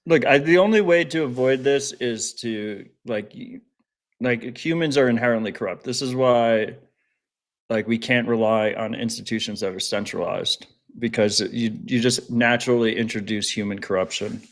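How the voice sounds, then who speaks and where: A man in casual podcast chat, talking bluntly with plenty of swearing. His voice sits at an ordinary middle pitch. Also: moderate pace. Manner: blunt, profane, opinionated. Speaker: podcast co-host.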